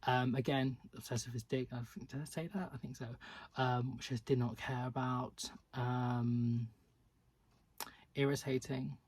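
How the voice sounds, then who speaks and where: A man's voice: medium pitch, flat delivery, unhurried, a little mellow, husky, dry recording. A man reviewing books in a casual vlog, blunt and catty, chatting with lots of fillers. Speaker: book reviewer.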